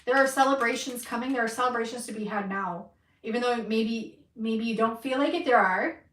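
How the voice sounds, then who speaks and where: A woman's voice: a little high, fairly quick, fairly bright tone, echoey room, recorded from a distance. A woman giving an intuitive reading to a viewer, emphatic and encouraging, swearing freely for emphasis. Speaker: tarot reader.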